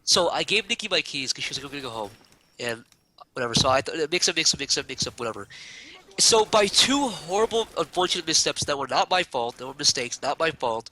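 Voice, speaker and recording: A young man tells a rambling, exasperated story to a friend on a casual stream, acting out the people in it. His voice is bright and forceful, and he talks fast. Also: fairly high pitch, slight background noise. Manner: rambling, exasperated anecdote with acted quotes.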